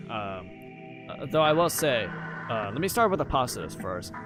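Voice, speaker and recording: A man talking casually on a live stream, halting often with fillers and restarts. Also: medium pitch, big pitch swings. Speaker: live streamer ranking games. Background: background music.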